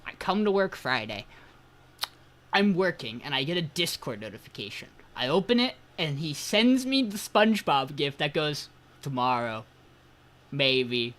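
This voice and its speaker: A man's voice: on the high side, moderate pace. A man co-hosting a podcast, telling a long anecdote in casual chat, laughing and swearing as he goes. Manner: animated storyteller, laughs and swears often. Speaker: podcast co-host.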